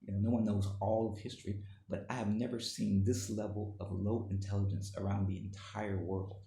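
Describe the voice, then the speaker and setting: A man's voice: fairly low pitch, flat delivery, a little fast, gravelly, warm tone, reverberant, slight background noise. A man delivering an indignant, emphatic opinion monologue that keeps repeating its points. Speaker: commentator.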